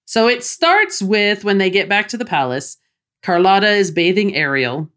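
A woman's voice: medium pitch, animated, moderate pace, fairly bright tone. A woman co-hosting a casual movie recap chat, chatty and enthusiastic. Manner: chatty, enthusiastic, laughs easily. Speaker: podcast co-host.

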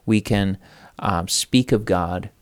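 Speaking slowly in a low voice, a man reads a scripture passage aloud and then talks earnestly about sharing faith with others. The tone is conversational, as in a Bible study discussion.

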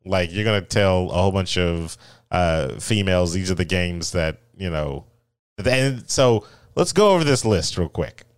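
A man's voice: low-pitched, expressive, moderate pace, clean tone, no echo. A man co-hosting a podcast, chatting casually and reading out an article with a laid-back, rambling manner. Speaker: podcast co-host. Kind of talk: casual chat.

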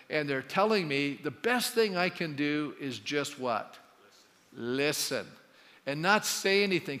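Male pastor, slightly high voice, chatty sermon delivery, echoing sanctuary. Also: a bit bright. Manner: conversational, asks the congregation questions. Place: church sanctuary. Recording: long church hall reverb.

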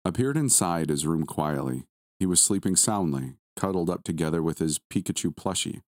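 Deep-voiced man narrating a story. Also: no echo, clean studio sound. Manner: calm, measured storytelling. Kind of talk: first-person scripted narration.

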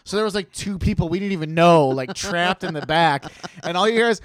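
A man's voice: high voice, normal speed, a crowd in the background. A man casually telling a story on a podcast, acting out the voices of the people in it. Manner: animated storyteller who acts out quotes.

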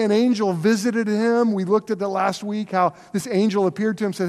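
A man preaching a sermon as pastor, telling stories in an animated, conversational way. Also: high-pitched, normal speed, hardly any pauses. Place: church sanctuary. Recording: long reverb of a large hall.

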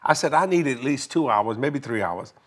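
An older man casually telling a long story, animated and laughing as he acts out both sides of a conversation. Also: medium pitch, moderate pace. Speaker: guest telling a marriage story.

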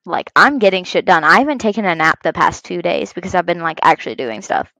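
A woman in her thirties co-hosting a casual chat podcast, telling animated stories about her kids and swearing freely. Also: lowish voice, quick pace, gravelly, no echo, rough recording. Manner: swears a lot, animated storytelling. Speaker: podcast co-host.

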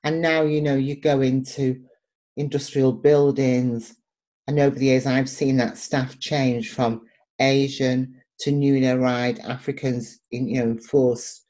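With a rumbling low voice and an unhurried delivery, an older Mancunian poet and performer shares personal anecdotes in an interview. She speaks with a Manchester accent and brings the stories to life by performing the characters' voices.

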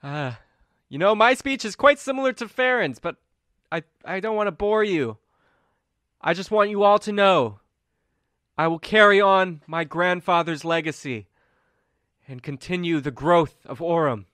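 A man voicing a young heir giving a polished, smooth political speech. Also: sits high, expressive, unhurried, pauses often, fairly bright tone, no room sound, voice pushed up. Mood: speechifying.

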